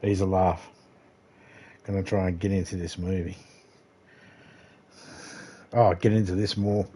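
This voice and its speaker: A man's voice: sits low, little pitch movement, unhurried, mellow, slightly rough. A man with an Australian accent chatting casually as he livestreams a game, rambling and laid-back, swearing now and then. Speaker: gaming livestreamer. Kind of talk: casual gameplay commentary.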